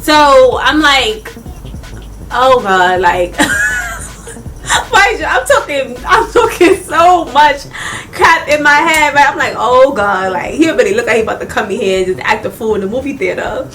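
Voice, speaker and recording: A young woman telling a storytime on her vlog, animated and slangy, often breaking into laughs. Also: high-pitched, moderate pace, over music. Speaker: vlogger. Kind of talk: casual storytime.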